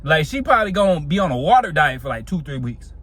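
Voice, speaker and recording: A man's voice: a little high, big pitch swings, fast talker, fairly bright tone, slightly rough. A young man telling a casual storytime monologue in a slangy, laid-back way, laughing often.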